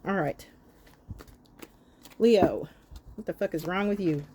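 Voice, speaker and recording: A woman's voice: on the low side, slow, mellow, a little hiss or hum. A woman doing a tarot reading monologue, talking bluntly and scolding her listeners with plenty of profanity. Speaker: tarot reader.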